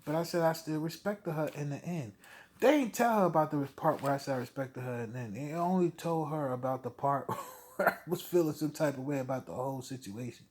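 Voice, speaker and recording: Vlogger, male, fairly high voice, blunt profane rant, heated delivery. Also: brisk, a little hiss or hum. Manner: blunt, heated, swearing, with short laughs. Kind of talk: profane personal rant to camera.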